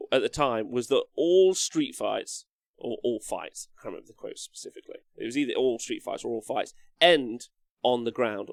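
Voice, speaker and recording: A man with a gravelly, fry-edged voice hosts a casual live stream, rambling through chat messages and swearing offhandedly. His voice sits at an ordinary middle pitch. The sound is dry and close. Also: no room sound. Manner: rambling, swears casually, answers viewer comments aloud.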